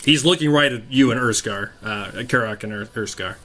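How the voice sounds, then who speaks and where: A man's voice: mid-range voice, a little fast, pushed and bright. Chuckling man running a game. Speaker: game master. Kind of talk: narrating a tabletop game.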